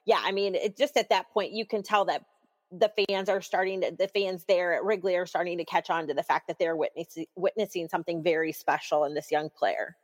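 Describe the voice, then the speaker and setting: A woman co-hosting a casual sports podcast, chatting as an excited fan with plenty of fillers. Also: on the low side, fairly quick, in a large hall. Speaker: podcast co-host.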